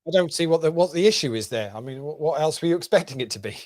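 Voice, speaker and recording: A man's voice: fairly high pitch, lively intonation, very fast, a little mellow, no echo, studio quality. A man co-hosting a casual poker show, chatty, often laughing and full of fillers. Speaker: co-host. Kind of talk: casual podcast chat.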